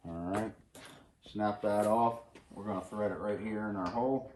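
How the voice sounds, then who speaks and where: Low-voiced man in an echoey garage. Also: normal speed. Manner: relaxed, talking to himself while working with tools. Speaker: channel host. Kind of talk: casual DIY workshop vlog. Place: cold home garage, indoors. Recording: roomy garage echo, faint noise.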